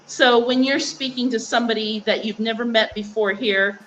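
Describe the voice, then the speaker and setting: A woman's voice: a little high, fairly even intonation, normal speed, fairly bright tone, rough recording. A woman chatting casually on a live stream, telling stories and acting out what people say, laughing often. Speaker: guest.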